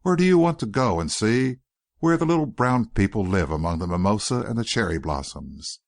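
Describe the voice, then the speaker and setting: A man reading an audiobook voices an earnest, courteous young gentleman who pleads politely and persistently. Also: lowish voice, animated, normal speed.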